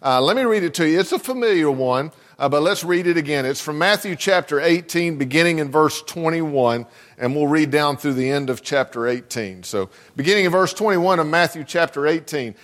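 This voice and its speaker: Male pastor, sermon delivery, rhetorical questions, a touch high-pitched, long church reverb. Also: animated, fairly quick, fairly bright tone. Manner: earnest, asks the congregation rhetorical questions. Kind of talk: sermon with scripture reading. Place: church sanctuary.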